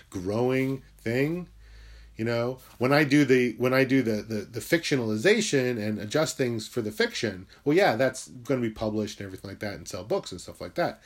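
A man talking through a rambling, confessional video monologue about self-help and his writing. He swears freely and his voice swings from loud, heated bursts to quiet muttering. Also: mid-range voice, slightly rough.

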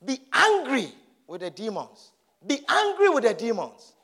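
A man's voice: very high-pitched, wildly swooping pitch, measured pace, sharp tone, breathy edge. A man preaching a sermon, urging his listeners with emphatic, repeated exhortations.

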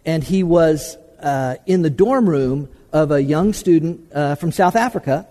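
High-voiced preacher man, halting and emphatic. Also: warm tone, in a large hall. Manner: halting, many hesitations and repeated words, then emphatic. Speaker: preacher teaching a class on the problem of evil. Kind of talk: sermon-style teaching talk.

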